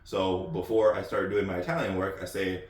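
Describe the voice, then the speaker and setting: A low-voiced American man hosts his channel in a loose, off-the-cuff ramble, full of ums and repeated words. He sits some way from the mic in a room with a lot of echo. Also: level tone, normal speed. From United States. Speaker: channel host. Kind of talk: casual off-the-cuff talk. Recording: echoey room, distant mic.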